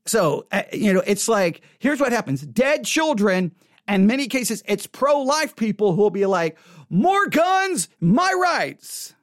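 A man's voice: high voice, big pitch swings, normal speed, no room sound, clean studio sound. A man giving an impassioned opinion monologue, mockingly repeating slogans over and over. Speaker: commentator.

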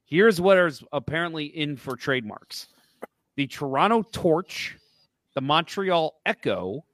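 A man's voice: fairly high pitch, animated, measured pace, a bit bright, no echo. A man co-hosting a casual hockey podcast, talking bluntly and swearing freely, exasperated with the league. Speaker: podcast co-host.

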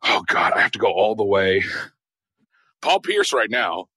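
A man's voice: lowish voice, lively intonation, measured pace, bright, forceful tone, slightly rough, no room sound. A man calling in to a podcast, out of breath and suffering from a cold. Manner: breathless counting stairs. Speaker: caller. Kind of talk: casual call-in chat.

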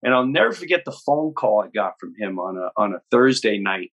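A comedian in his fifties tells stories as an interview guest. His voice is husky, with a forceful, tense edge. He is animated and slips into other people's voices as he acts out their lines. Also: fairly low pitch, brisk. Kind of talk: storytelling in an interview.

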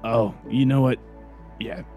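A man's voice: medium pitch, a little slow, dark tone, faint music behind. A man playing a tabletop role-playing game, apologetic and self-deprecating as his character, laughing at himself. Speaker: player voicing a character. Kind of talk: improvised tabletop role-play.

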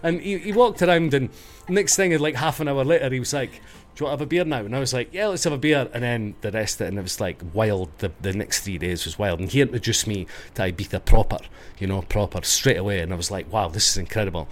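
A man's voice: on the low side, fast talker, hardly any pauses. A middle-aged man from Scotland with a Scottish accent, chatting as a guest and telling rambling stories that he corrects as he goes. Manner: rambling storyteller, self-correcting. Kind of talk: casual interview chat.

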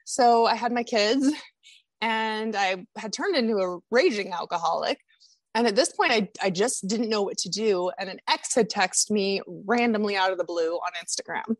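A woman's voice: medium pitch, moderate pace, no echo. A woman guest on a podcast, telling her personal story in a candid, confessional way.

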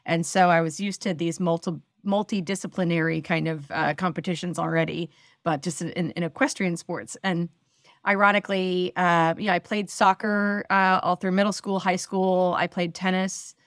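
Woman in her forties, lowish voice, dry close sound, chatty self-deprecating storyteller. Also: fairly even intonation, normal speed, fairly bright tone, no echo. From northeastern United States. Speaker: podcast guest, athlete. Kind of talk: casual interview storytelling.

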